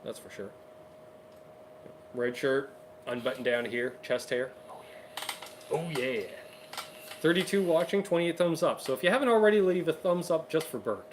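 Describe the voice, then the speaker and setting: A man's voice: fairly high pitch, animated, a little hiss or hum. A man co-hosting a casual guitar livestream, chatting upbeat and reading viewer comments aloud. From Canada. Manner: chatty, upbeat, quick asides. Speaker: co-host of a livestream guitar show.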